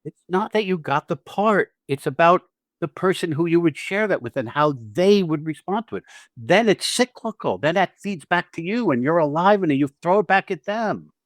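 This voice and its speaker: Animated, profane male acting teacher. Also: on the high side, normal speed, no echo, studio quality. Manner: animated, profane, acts out scenes with quoted lines. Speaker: acting teacher and podcast host. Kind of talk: casual podcast chat.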